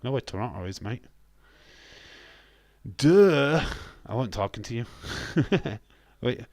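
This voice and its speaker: A man's voice: fairly low pitch, brisk, no echo. English man bantering with his live chat. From England. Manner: jokey, banters with chat, bursts of laughter and loud exclamations. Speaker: live stream host. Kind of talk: casual live-stream chat reading viewer comments.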